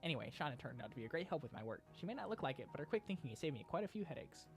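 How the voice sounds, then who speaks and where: A man's voice: a little high, big pitch swings, rapid-fire, faint music behind. A man voicing a polite, nerdy teenage boy genius inventor in a game, with a prim nerd voice. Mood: earnest.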